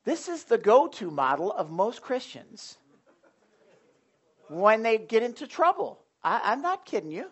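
A pastor preaching a sermon in a loose, conversational way, with jokes and asides to the congregation. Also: male voice, sits high, big pitch swings, a little slow, husky.

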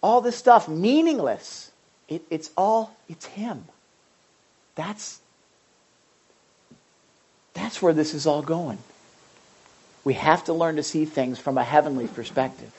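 A woman's voice: low voice, slow, pauses often, darkish tone, husky. A woman preaching a conversational sermon, often asking her listeners questions and restarting her sentences. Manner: asks the audience questions, frequent restarts.

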